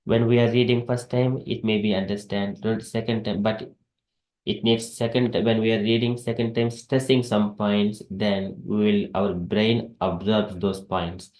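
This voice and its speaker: A man leading a scripture class, explaining haltingly with restarts and repetitions. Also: fairly low pitch, flat delivery, darkish tone.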